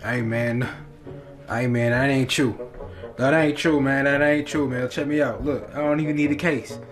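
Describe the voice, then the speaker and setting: A young man acting in a comedy sketch, boasting loudly that he invented everything. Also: medium pitch, steady tone, normal speed, soft background music. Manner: boastful, bragging.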